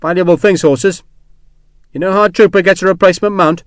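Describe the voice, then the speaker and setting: A man voicing a bluff, kindly young English sergeant who talks in rough, chatty soldier's speech. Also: high-pitched, steady tone, a little fast, no room sound, clean studio sound, voice pushed up, natural voice. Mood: reassuring.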